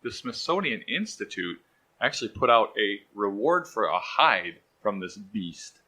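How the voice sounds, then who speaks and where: Male podcast co-host, bright tone, digressive jokey storyteller. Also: fairly low pitch, very animated, unhurried, slightly rough. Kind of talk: casual chat.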